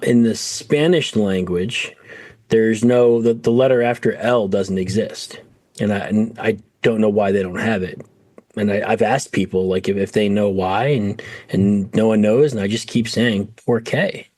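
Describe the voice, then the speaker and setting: A man's voice: on the low side, steady tone, unhurried, mellow, dry recording. Tired sick man, podcast co-host, jokey, self-deprecating, dry close mic. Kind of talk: casual chat.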